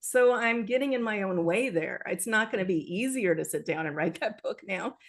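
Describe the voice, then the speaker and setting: A woman's voice: mid-range voice, normal speed. A woman author, a guest in an interview, speaking earnestly and acting out quoted self-talk. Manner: earnest, animated with acted-out quotes. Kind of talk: conversational interview.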